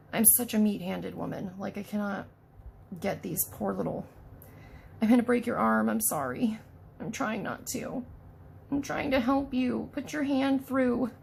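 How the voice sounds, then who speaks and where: Gravelly-voiced woman chatting through an unboxing. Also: lowish voice, slight background noise. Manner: chatty, talks to the doll, self-deprecating. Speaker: unboxing vlogger. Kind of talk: casual unboxing chat.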